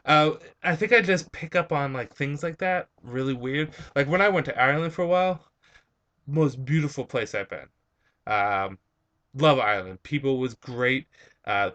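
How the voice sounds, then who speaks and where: A man's voice: medium pitch, sharp tone, muffled recording. Rambling young man, slight Spanish-tinged accent. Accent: slight Spanish-influenced accent on some words. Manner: rambling, hesitant, many fillers. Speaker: vlog host answering viewer questions. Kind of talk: casual chat.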